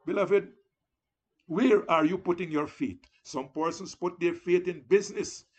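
A man's voice: sits high, measured pace, a little mellow, breathy edge, muffled recording. A man preaching a sermon in an earnest, exhorting manner, often calling his listeners "beloved" and rising into emphatic declarations.

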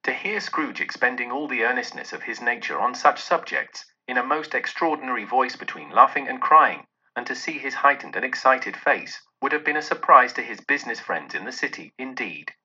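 Expressive husky male storyteller. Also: medium pitch, a little fast, hardly any pauses. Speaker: narrator. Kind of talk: scripted narration of a classic novel. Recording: dull lo-fi audio.

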